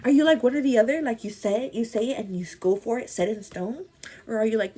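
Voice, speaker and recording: A woman in her thirties talks casually through a makeup livestream, her voice a little husky. She chats back to viewers in a loose, friendly way, calling them "girl" as she goes. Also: a little high, expressive, brisk, warm tone. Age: 30s. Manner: chatty, answers viewer comments, says "girl" often. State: pregnant with twins. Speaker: livestream host. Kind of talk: casual livestream chat while doing makeup.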